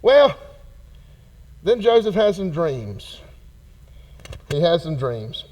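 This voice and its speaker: A pastor with a drawl teaches a church Bible study in a folksy, lively way, acting out the people in the story. His voice sits high for a man and keeps jumping up and down. It sounds like a church hall. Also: takes it slowly. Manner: folksy, animated, acts out characters.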